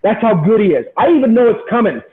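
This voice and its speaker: On a tinny, phone-like recording with slight background noise, a high-voiced man speaks quickly. He's a former professional baseball player guesting on a podcast, telling a story in a casual interview with animated, intense, motivational energy, and he repeats words as he gets excited.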